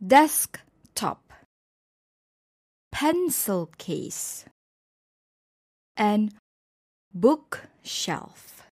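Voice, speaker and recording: A woman teaching English pronunciation in a scripted lecture, reading example words slowly and deliberately with pauses between them. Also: mid-range voice, dry recording, clean studio sound.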